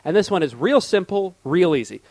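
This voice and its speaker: A man's voice: high voice, expressive, brisk, a little mellow, dry recording. A man in casual comedy chat, playful and self-deprecating.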